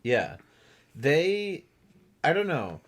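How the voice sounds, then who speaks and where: A young man co-hosting a podcast in casual chat, animated and acting out quotes in mimicking voices. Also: on the high side, drawn-out words. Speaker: podcast co-host.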